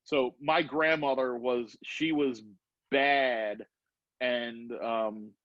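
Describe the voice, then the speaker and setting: A middle-aged man hosts a podcast, telling a casual story with lots of energy and acting out both sides of the dialogue. His voice is medium-pitched and very slow, and the recording is dry, slightly dull, with no room sound.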